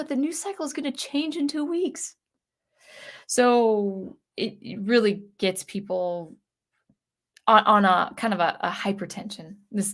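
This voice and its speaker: Brief: woman host, casual chat, earnest and rambling, stumbles over repeated words, mid-range voice. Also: medium pitch. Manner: indignant. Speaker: channel host. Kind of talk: casual livestream chat reading viewer comments.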